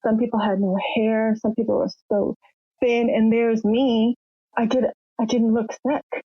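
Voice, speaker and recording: An older Canadian woman, a podcast guest, shares her personal story candidly and emotionally, acting out the voices of the people in it. Her husky voice sits on the high side with little pitch movement and a slightly slow pace. The recording is dry, muffled and lo-fi.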